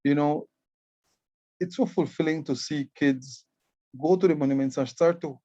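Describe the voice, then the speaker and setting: A man's voice: fairly high pitch, normal speed, dark tone, no room sound, muffled recording. Earnest Belizean man explaining glyphs. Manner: earnest, repeats words while explaining. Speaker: Maya writing club educator and guide. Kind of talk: presentation explaining hieroglyphs.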